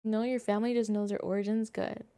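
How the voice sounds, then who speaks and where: A young woman streamer chatting casually with her viewers in an animated, quick-reacting way. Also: medium pitch, no echo.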